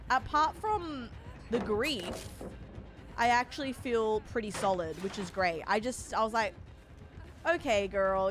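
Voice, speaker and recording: Chatty streamer woman, lively raised voice. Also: on the high side. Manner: chatty, rambling, greets chat by name. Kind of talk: casual live-stream chat.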